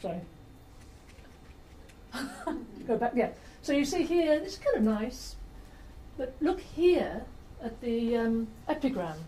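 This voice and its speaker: A woman giving a public lecture with slides, chatty, with fillers and quick self-corrections, in a lecture room. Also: a little high, big pitch swings, dark tone, slight background noise, poor audio. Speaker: lecturer on rare books.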